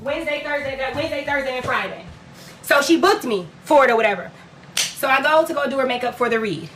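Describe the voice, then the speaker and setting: Profane high-voiced woman from Detroit. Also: lively intonation, fast, fairly bright tone, soft background music. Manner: blunt, profane, dramatic retelling. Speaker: livestreamer telling a story. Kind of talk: heated storytelling on a livestream.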